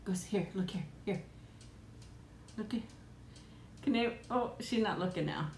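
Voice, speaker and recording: Middle-aged woman, casual live stream chat, home tablet mic, giggly and chatty, mid-pitched voice, roomy echo. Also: measured pace, a little mellow, a little hiss or hum. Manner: chatty, laughs often, coos at her pet.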